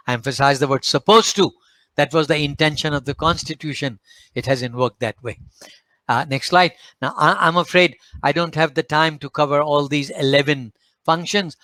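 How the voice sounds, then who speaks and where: A man with a Malaysian English accent delivering a formal slide talk, measured and emphatic, pausing now and then to hesitate. His voice sits somewhat high for a man. The sound is dry and close, with almost no room echo. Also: bright, forceful tone. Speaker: speaker at a panel forum.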